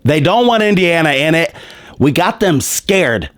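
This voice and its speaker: A man's voice: a little high, very animated, a little slow, fairly bright tone, no echo, clean studio sound. A man hosting a sports commentary show, ranting in a heated, mocking, profane way, his voice strained and worn.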